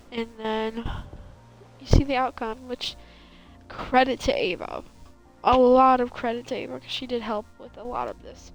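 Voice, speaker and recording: A woman's voice: fairly high pitch, poor audio. A young woman streaming a building game, chatting casually and rambling with lots of fillers in a valley girl lilt. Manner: rambling, filler-heavy, self-correcting. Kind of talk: casual chat while gaming.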